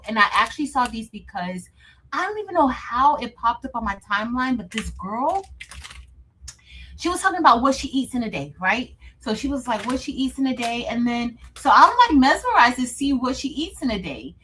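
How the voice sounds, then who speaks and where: A woman's voice: a little high, bright, forceful tone, a little hiss or hum, low-quality recording. Chatty woman livestream host. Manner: chatty, addresses viewers as "y'all", laughs often. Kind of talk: casual livestream chat.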